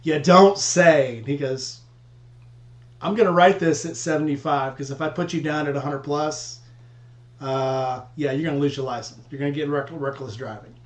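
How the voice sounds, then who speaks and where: A man's voice: a little high, moderate pace, reverberant. A man telling profane, laid-back road stories in casual chat with friends. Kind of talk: casual storytelling among friends.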